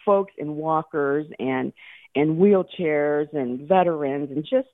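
A woman's voice: deep voice, takes it slowly, no room sound. A woman calling in to a radio show, telling a personal story with laughter and tears. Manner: laughing, tearful storytelling with restarts. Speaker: caller. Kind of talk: emotional call-in story. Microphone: phone. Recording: tinny phone line.

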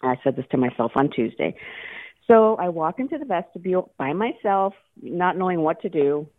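A woman's voice: lowish voice, expressive, normal speed, no room sound. A woman calling in to a radio show, telling a personal story with laughter and tears. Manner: laughing, tearful storytelling with restarts. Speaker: caller. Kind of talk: emotional call-in story. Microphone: phone. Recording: tinny phone line.

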